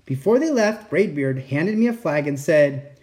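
A reader narrating a children's picture book aloud, expressive and acting out the sound effects. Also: medium pitch, measured pace. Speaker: storybook reader.

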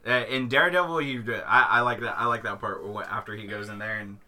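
A man's voice: on the low side, fairly even intonation, quick pace, bright, forceful tone. A man co-hosting a podcast, chatting casually about a TV series with laid-back reactions. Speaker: podcast co-host. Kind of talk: casual chat about TV shows.

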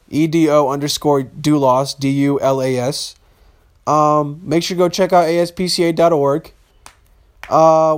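Young man, podcast host, high voice, casual rambling, lots of swearing. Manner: profane, rambling slangy talk. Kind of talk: casual solo podcast rant.

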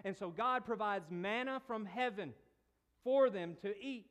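A man preaching a sermon, retelling a scripture story with playful asides and big swings between quiet and emphatic delivery. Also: unhurried. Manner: storytelling, rises and drops in pitch and volume, playful asides.

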